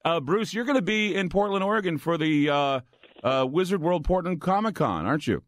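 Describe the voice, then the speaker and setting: A man's voice: on the high side, animated, a little fast, dry recording. A male radio host interviewing guests in a playful, teasing way.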